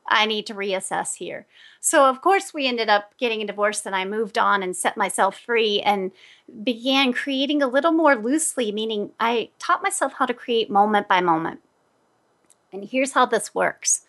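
A woman hosting an advice talk, telling personal stories in an animated way and laughing often. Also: a little high. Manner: animated, laughs often, acts out quoted voices. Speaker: host, energy healer.

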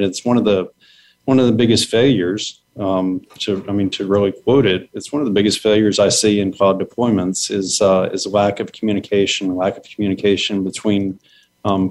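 A man speaking as a guest on a podcast over a video call, laid-back and rambling with hesitations. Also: fairly low pitch. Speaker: guest, cloud consultant. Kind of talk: casual interview talk.

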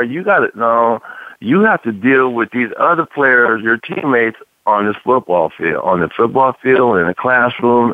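A man's voice: mid-range voice, no echo. A man co-hosting a casual sports talk radio show, a former player speaking conversationally and often tagging lines with "man.". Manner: conversational, drawn-out, repeats "man". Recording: dry, tinny phone-like radio sound.

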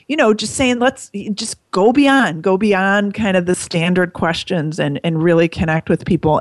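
A woman's voice: fairly low pitch, no room sound. A woman host chatting casually in an interview, prompting her guest. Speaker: podcast host.

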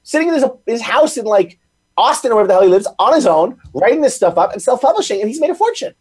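A man chatting as a podcast guest, telling stories in quick bursts with lots of restarts. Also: very high voice, slightly rough. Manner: rapid, animated storytelling with frequent restarts. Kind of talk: casual chat.

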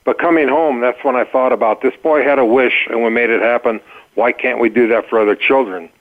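An older man, a guest on a radio interview, telling his story in a relaxed way. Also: mid-range voice, a little fast. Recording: tinny phone-like line.

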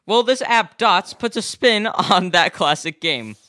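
A young woman co-hosting a casual gadget podcast, teasing her co-host with quick quips. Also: mid-range voice, expressive, a bit bright, no room sound, studio quality.

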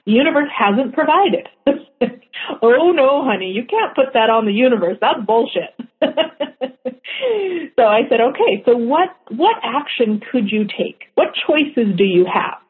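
A woman teaching a class in a chatty way, often laughing at her own jokes. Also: medium pitch. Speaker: workshop facilitator. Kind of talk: teaching talk. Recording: tinny phone-line sound.

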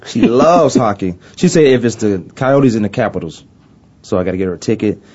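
A man's voice: lowish voice, animated, fairly quick, a little mellow, slightly rough, dull audio. Laughing, loose-talking male radio host. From Virginia. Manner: loose, laughing, restarts often. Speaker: sports talk radio host. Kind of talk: casual sports talk. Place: radio studio.

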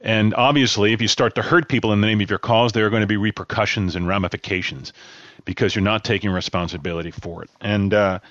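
A man's voice: fairly low pitch, steady tone, fast, fairly bright tone, dry recording. A male radio host, talking casually in a rambling, chatty way with many restarts. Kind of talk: casual talk radio monologue. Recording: dull, lo-fi dry studio mic.

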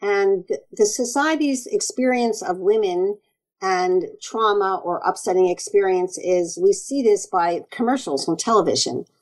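A woman naturopathic doctor speaks as an interview guest. Her delivery is earnest and animated, and she acts out quoted exchanges as she goes. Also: mid-range voice, a little slow, rough recording. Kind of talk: conversational interview.

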